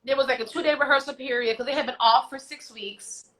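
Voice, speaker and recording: A woman guest on an online show, telling her stories in a lively, chatty way. She acts out the voices of the people in them and drops in slangy asides. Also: high voice, fast, low-quality recording. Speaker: guest singer. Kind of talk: casual storytelling. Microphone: video call.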